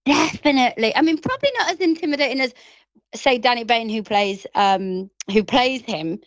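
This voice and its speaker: A woman's voice: fairly high pitch, normal speed, dry recording, lo-fi sound. A woman in her thirties with a Grimsby English accent, an actress chatting effusively in an interview, full of restarts and "like". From England. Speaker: stage actress guest. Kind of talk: casual interview chat.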